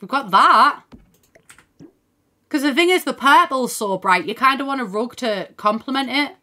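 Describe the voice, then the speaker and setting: Bright-voiced woman streaming casually. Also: high-pitched, animated, moderate pace. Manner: chatty, thinks aloud, reads out chat, swears casually. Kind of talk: casual livestream chat. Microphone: desk microphone in front of screen.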